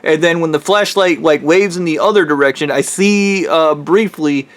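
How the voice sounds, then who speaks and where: A man's voice: on the high side, normal speed. A man telling a true spooky story in a casual, rambling way, swearing and correcting himself as he goes.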